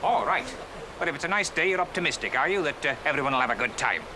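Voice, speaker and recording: A man's voice: on the high side, animated, quick pace, background noise. A man giving a comic mock news report as a field reporter, with a dry, sly delivery. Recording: over background music.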